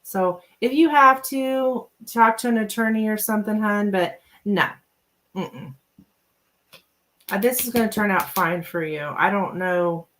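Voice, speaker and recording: Woman, tarot reader on a home livestream; casual, chatty, quick to laugh, mid-pitched. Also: fairly bright tone, a little hiss or hum, low-quality recording. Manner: chatty, laughs often, reads viewer names aloud. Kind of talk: casual live-stream chat with viewers.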